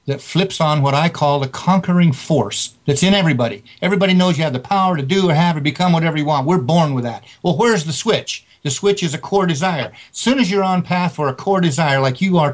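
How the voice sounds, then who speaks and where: A man who is an author and guest, telling motivational stories in an interview with emphatic delivery. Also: fairly high pitch. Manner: emphatic, tells anecdotes with quoted dialogue.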